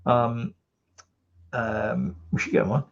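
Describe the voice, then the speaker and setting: A Scottish man co-hosts a podcast, rambling through casual chat and stopping often to restart his sentences. His voice has a gravelly edge, and it sits at an ordinary middle pitch. The recording sounds a bit dull and lo-fi. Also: takes it slowly, a crowd in the background. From Scotland. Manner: rambling, animated, with many fillers and restarts. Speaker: podcast co-host.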